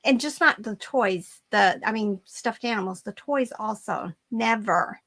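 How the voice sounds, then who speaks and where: A woman's voice: medium pitch, expressive, unhurried, fairly bright tone. A woman hosting a live stream about reselling, chatting casually in an upbeat way and often repeating her own phrases. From Germany. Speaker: reseller channel host.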